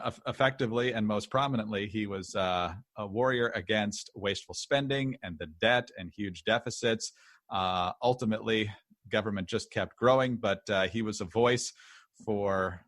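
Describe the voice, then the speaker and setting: An American man co-hosting a political podcast, speaking in a measured, matter-of-fact way with many fillers. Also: fairly low pitch, no echo, clean studio sound. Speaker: podcast co-host. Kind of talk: political commentary.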